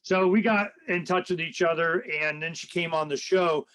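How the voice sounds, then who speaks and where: A man's voice: on the high side, moderate pace, rough recording. An older man hosting a radio talk show, rambling in casual political chat and acting out what others said. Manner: rambling, animated, acts out quoted people in a raised voice.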